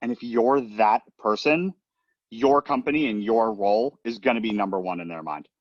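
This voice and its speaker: A man's voice: lowish voice, moderate pace, no echo, dull audio. A man giving a casual training talk on recruiting, chatty and often checking in with the listener. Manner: chatty, leans on "right?" and "um" as he talks. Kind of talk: casual presentation.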